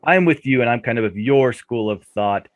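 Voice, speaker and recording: A man on a trading show presenting chart setups in a relaxed, step-by-step way with friendly banter. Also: medium pitch, brisk, no room sound. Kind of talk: casual chart analysis chat.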